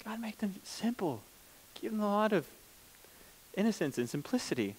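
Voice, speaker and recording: Higher-voiced man preaching casually. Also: very animated, normal speed, breathy edge. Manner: informal, plain-spoken, restarts mid-sentence. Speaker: pastor. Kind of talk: conversational sermon.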